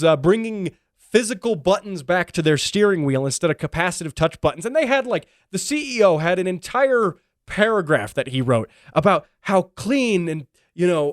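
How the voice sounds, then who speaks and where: A man's voice: a little high, dry recording, studio quality. A man hosting his own car radio show and podcast, talking casually and wryly with many ums and restarts. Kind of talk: casual solo podcast commentary.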